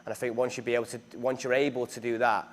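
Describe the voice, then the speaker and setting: A young actor from northern England chats casually in an interview, chatty and self-deprecating, with many fillers and restarts. His medium-pitched voice moves little in pitch, and he talks fast.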